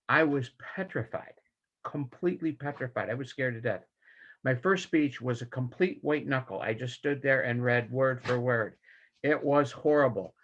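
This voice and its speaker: An older man, the general evaluator at a club meeting, speaking enthusiastically in a folksy, animated way over a video call. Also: medium pitch. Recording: dull lo-fi video call audio.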